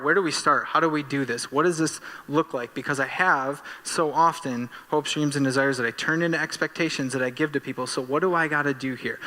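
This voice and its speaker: A man delivers a sermon from a church stage, his voice bright and forceful. He tells animated, self-deprecating stories and his energy climbs. A long reverb from the hall trails behind each phrase. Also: on the high side. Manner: animated, self-deprecating storytelling with rising excitement. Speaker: pastor. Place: church sanctuary.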